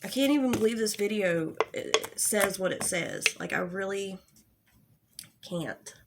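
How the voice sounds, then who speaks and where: A woman's voice: mid-range voice, animated, a little slow, gravelly, heavy background noise. A young adult woman giving an angry, profane commentary rant, exasperated and sarcastic. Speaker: commentary YouTuber.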